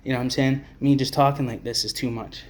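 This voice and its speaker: A man's voice: mid-range voice, fairly even intonation, fast. A man delivering a profane, blunt, rambling to-camera rant as an advocate for homeless people. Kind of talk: ranting to-camera monologue.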